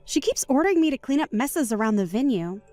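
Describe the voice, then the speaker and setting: A woman voicing a calm, composed young woman wronged at a wedding, speaking in a measured, firm way in a voiced story drama. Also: sits high, no echo, soft background music.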